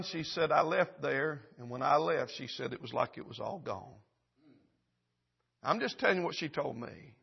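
Male preacher mid-sermon in church; swings from loud and urgent to hushed and slow; raspy, lo-fi sound. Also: fairly high pitch. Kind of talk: revival sermon. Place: church service.

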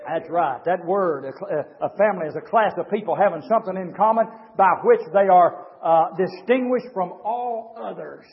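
A man preaching a fiery revival sermon in a church, swinging from shouted, rising lines to low, quiet asides. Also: moderate pace, creaky, hardly any pauses. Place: church sanctuary with a congregation. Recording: dull lo-fi 1990s church recording with long reverb.

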